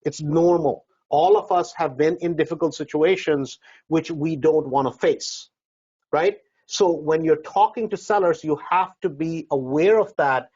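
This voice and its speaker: A man's voice: on the high side, unhurried, a little mellow, breathy edge, muffled recording. A man coaching real estate investors in a seminar talk, conversational, acting out doorstep dialogue and often asking "right?".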